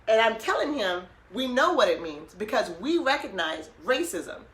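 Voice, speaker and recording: Her voice is on the high side, swinging widely in pitch at a moderate pace, as she hosts a podcast and tells an animated story. Emphatic and quick to laugh, she repeats what she and others said; a roomy echo fills the recording.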